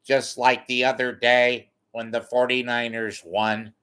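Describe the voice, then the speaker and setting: A man impersonating a smug male radio sports reporter who talks slowly and with self-satisfaction. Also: medium pitch, flat delivery, bright, forceful tone, clear, resonant tone.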